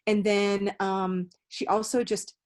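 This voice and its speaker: A young woman hosting a podcast in casual chat, an animated storyteller who swears freely. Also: medium pitch, slow pace. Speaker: podcast host.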